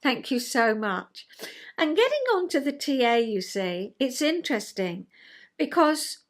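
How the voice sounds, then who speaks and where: A woman's voice: sits high, vocal fry, fairly bright tone. An older woman vlogger with a chatty, self-mocking manner, reading a rhyming poem and then talking about herself.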